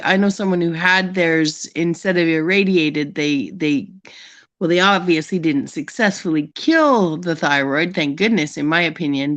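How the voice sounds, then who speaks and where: A woman's voice: deep voice, a bit bright. A woman in casual conversation, talking hesitantly with fillers and restarts. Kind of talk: casual chat. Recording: dull lo-fi sound.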